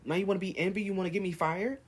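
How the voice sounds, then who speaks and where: A man's voice: sits high, fairly even intonation, very fast, husky. A man vlogging, firing off heated rhetorical questions in a rant to camera. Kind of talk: ranting to camera.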